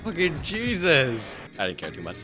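A young man hosting a gaming video, crude and loud, swearing and laughing a lot in casual banter. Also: fairly high pitch, huge pitch swings, moderate pace, soft background music.

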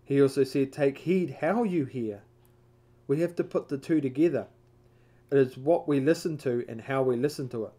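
A man with a medium-pitched, dark-toned voice reads from a devotional book during a Bible study, keeping a measured pace but now and then tripping over words and fixing them.

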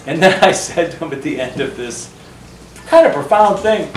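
A man, an author speaking to a book club, telling earnest stories with animated delivery and acting out the voices he quotes. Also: a little high, normal speed, slight background noise. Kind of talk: storytelling talk to a small audience. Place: book club meeting room. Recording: roomy, distant mic.

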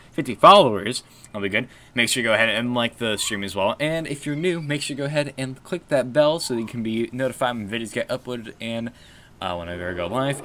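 Bright-voiced man streaming a game. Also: mid-range voice. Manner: rambling, restarts, reads chat. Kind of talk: casual game stream chat.

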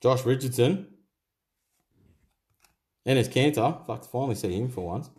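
A young Australian man hosts a card-opening video, swearing constantly while rattling off player names in casual commentary. His voice is mid-range and a little mellow, with a measured pace.

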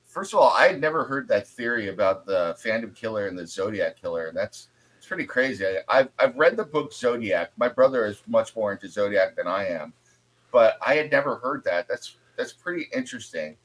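A man's voice: fairly low pitch, lively intonation, brisk, fairly bright tone, low-quality recording. A man co-hosting a podcast in casual chat, easygoing and chatty, laughing at himself. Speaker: podcast co-host.

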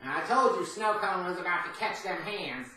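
A cocky fired employee holding a cat hostage, played by a man. He talks in a bright, fairly high voice and makes swaggering, menacing threats. The voice comes from far off the mic in a very echoey room. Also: lively intonation, normal speed, exaggerated voice. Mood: smug. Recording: roomy, echoey, distant from the mic.

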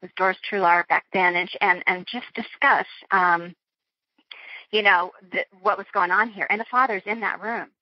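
A woman's voice: medium pitch, steady tone, moderate pace, dry recording, muffled recording. A woman being interviewed, recounting a personal ordeal in an earnest, flowing way with frequent restarts. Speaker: interview guest.

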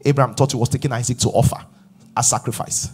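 A middle-aged man preaching a sermon as pastor, emphatic and rising to shouts. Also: mid-range voice, fairly even intonation, fast talker, husky.

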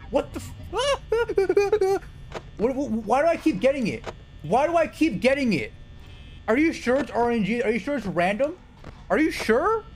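Young man, streamer, high voice, swings wildly up and down, jumpy, swears, faint hiss behind. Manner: excitable, jumpy, swears, yelps when scared. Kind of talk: live gameplay commentary.

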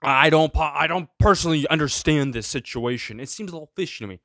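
Male host, solo rant, sarcastic, fairly high voice, dry close sound. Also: fast, pushed and bright, dry recording. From of Greek heritage. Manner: sarcastic, full of rhetorical questions. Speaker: show host. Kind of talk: ranting solo commentary.

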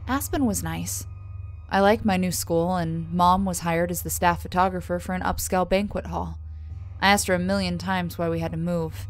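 A woman narrating a first-person horror story in a measured, scripted delivery, letting her voice fall softly on the tags. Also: fairly low pitch, steady tone. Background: soft music.

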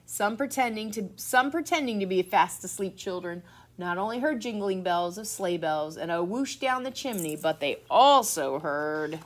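A middle-aged woman, a teacher reading a picture book aloud to children, expressive and full of surprise. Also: mid-range voice. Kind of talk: children's read-aloud storytime.

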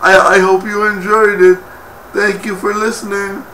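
A man hosting a joke segment who tells it slowly, stopping and restarting often. His voice sits high and sounds bright. He is recorded from a distance in a roomy space with a faint background hiss. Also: flat delivery. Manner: halting, many fillers and restarts. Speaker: joke teller, host. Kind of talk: casual joke telling.

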